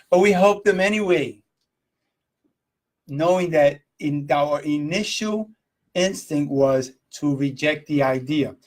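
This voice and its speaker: A man hosting a live video stream, giving a casual motivational talk, rambling and asking his viewers questions. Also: fairly high pitch. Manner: rambling, repeats himself, asks viewers questions.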